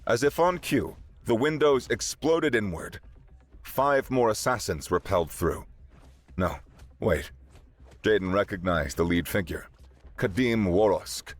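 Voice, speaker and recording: A man narrating a sci-fi story in a steady, dramatic way. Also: fairly low pitch, measured pace.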